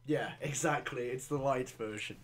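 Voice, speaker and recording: A man's voice: medium pitch, normal speed, slight background noise. A young man hosting a podcast in casual chat, crude, sarcastic and rambling. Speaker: podcast host.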